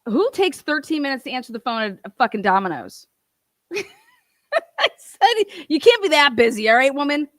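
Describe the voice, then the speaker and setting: Heated young woman, storytime rant, lots of swearing, dry high voice. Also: sing-song, fast talker, hardly any pauses, fairly bright tone, no echo. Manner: profane, heated ranting with laughs. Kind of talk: ranting storytime.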